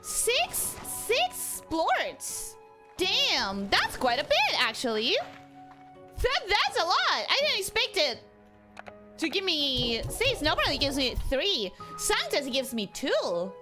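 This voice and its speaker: A woman's voice: sits high, wildly swooping pitch, a little slow. A young woman chatting with her viewers as she streams a game from home on a desk mic, bubbly and talkative, with game music playing behind her. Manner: bubbly, chatty, talks to chat. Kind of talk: casual game stream chat.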